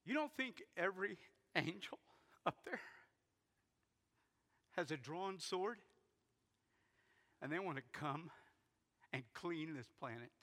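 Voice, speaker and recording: A man preaching a sermon, retelling a story dramatically and swinging from loud bursts to hushed near-whispers. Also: a little high, lively intonation, takes it slowly, pauses often. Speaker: pastor. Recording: long hall reverb in a big sanctuary.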